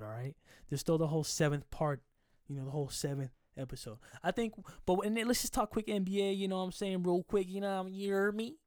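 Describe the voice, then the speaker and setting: A man with a fairly high voice rambles through loose, profane sports chat on his podcast. He jokes at his own wording and swings between loud bursts and mumbled asides. The sound is dry and close, with no room around it. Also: dry recording. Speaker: podcast host.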